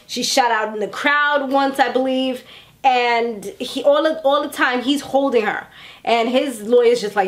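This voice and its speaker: A woman in her thirties casually recapping a TV episode in a chatty, animated way, acting out characters' lines as she goes. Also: on the high side. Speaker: TV recap vlogger. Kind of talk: casual chat.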